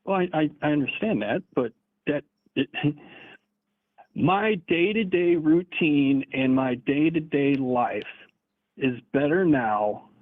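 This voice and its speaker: Dismissive guy cutting in, tinny phone-ish sound, higher voice. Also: animated, slow pace, dry recording. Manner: dismissive, interrupting.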